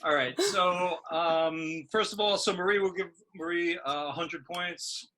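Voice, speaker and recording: A man's voice: sits high, measured pace, sharp tone. A man acting as guest judge on a comedy podcast, good-humored and laughing easily. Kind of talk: casual podcast chat.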